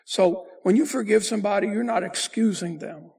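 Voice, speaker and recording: Raspy high-voiced preaching pastor. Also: male voice, darkish tone. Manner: preaching with emphatic rises and slow drawn-out phrases. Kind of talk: sermon.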